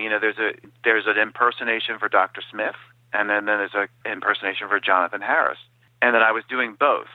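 A man guesting on an interview, telling stories in a lively way and dropping into quoted impressions. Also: lowish voice, no room sound. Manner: animated storyteller who slips into quoted impressions. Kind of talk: casual interview over the phone. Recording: dry, tinny phone-line sound.

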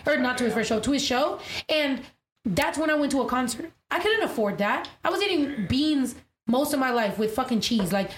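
A woman hosting a casual podcast chat, telling stories bluntly and with lots of profanity. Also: sits high. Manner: blunt, profane, animated storytelling. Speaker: podcast host, rapper. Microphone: studio podcast mic. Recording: echoey room with faint ambience.

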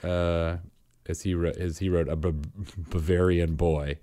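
A man's voice: low voice, level tone, unhurried, mellow. A man co-hosting a podcast, casual and teasing, counting down playful reveals. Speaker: podcast co-host. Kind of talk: casual chat.

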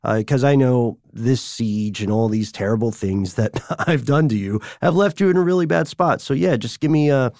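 A man's voice: medium pitch, normal speed, few pauses, a little mellow, no room sound, lightly acted. Sly vengeful queen, breezy and offhand , put on by a man; dry close sound. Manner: mock-casual, breezy.

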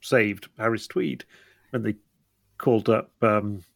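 A man's voice: lowish voice, steady tone, slow. A man hosting a podcast, asking short questions in a casual interview. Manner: short questions and back-channel murmurs. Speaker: podcast host.

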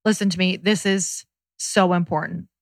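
A woman's voice: on the low side, steady tone, normal speed, dry recording, studio quality. A woman co-hosting a personal finance podcast, speaking in an enthusiastic, earnest, heartfelt way. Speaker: podcast co-host. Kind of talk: casual podcast chat.

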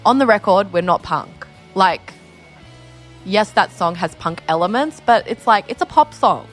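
A young Australian woman in her twenties, a musician being interviewed, telling stories in a chatty, lively way full of acted-out quotes. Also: mid-range voice, unhurried, soft background music. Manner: chatty, animated storytelling with lots of "like" and acted-out quotes. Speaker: musician guest. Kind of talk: candid casual interview.

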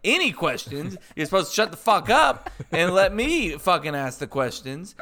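A man's voice: high voice, big pitch swings, moderate pace, bright, forceful tone. A man co-hosting a podcast, defending himself in casual chat, rambling and cursing often. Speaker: podcast co-host.

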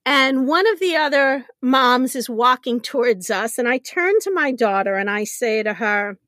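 Lively, animated middle-aged woman storyteller. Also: fairly high pitch, normal speed, no room sound, clean studio sound. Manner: animated, laughs often, self-deprecating. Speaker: podcast guest. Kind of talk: conversational storytelling.

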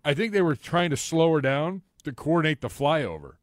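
A man's voice: fairly high pitch, very animated, moderate pace, dry recording, clean studio sound. A married man co-hosting a sports podcast, telling stories casually and stumbling over his first words.

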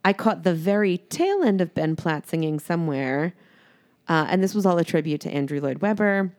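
A woman's voice: fairly low pitch, animated, normal speed, darkish tone. A woman co-hosting a podcast, chatting casually and telling gossipy, profane stories with lots of animation. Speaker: podcast co-host. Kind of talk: casual chat.

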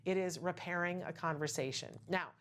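A middle-aged woman with a fairly low-pitched voice hosts a casual talk show. She talks in a chatty, emphatic way and keeps tossing in asides and rhetorical questions. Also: fairly quick. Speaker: podcast host.

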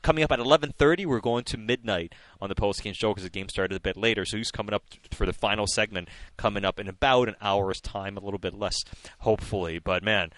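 A man's voice: lowish voice, fast, hardly any pauses, fairly bright tone, no room sound. A male radio host chatting loosely about a hockey game, laughing and restarting sentences as he reads out listener texts. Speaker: radio postgame show host. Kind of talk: casual sports radio chat.

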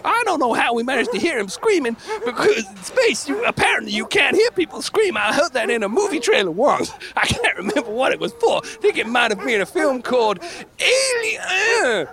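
A man's voice: very high-pitched, big pitch swings, moderate pace, full character voice. A man voicing a grumpy old male janitor on a space station, rambling and cursing at length in improvised podcast comedy. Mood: grumbling.

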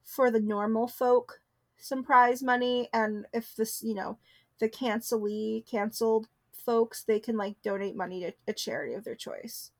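A young woman co-hosting a podcast in casual chat, chatty and giggly, riffing quickly. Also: on the high side, steady tone. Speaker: podcast co-host.

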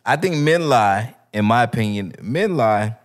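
A man co-hosting a casual chat, animated and peppering his talk with "you feel me". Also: mid-range voice, unhurried.

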